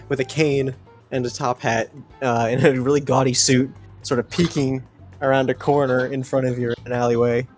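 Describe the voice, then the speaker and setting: A man running a tabletop game as game master, narrating in a halting way with many fillers. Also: mid-range voice, a little mellow.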